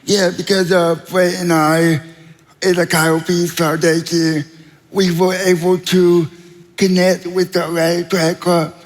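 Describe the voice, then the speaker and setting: Slow-speaking man in a large hall. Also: sits high, little pitch movement. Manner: slow, halting delivery with many pauses. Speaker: interview guest, athlete. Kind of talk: onstage interview. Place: large church auditorium. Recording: reverberant hall.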